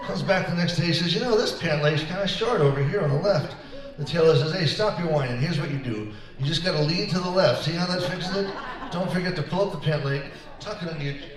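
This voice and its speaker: A man with a fairly high voice tells one joke after another between songs at a senior center concert, speaking quickly and easily and doing his characters' voices. The room is echoey, he sounds distant, and crowd noise can be heard.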